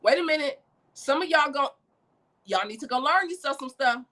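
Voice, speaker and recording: A woman giving a preacherly motivational talk, calling listeners baby and swinging from shouts to hushed lines. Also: high voice, lively intonation, moderate pace. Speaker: motivational speaker.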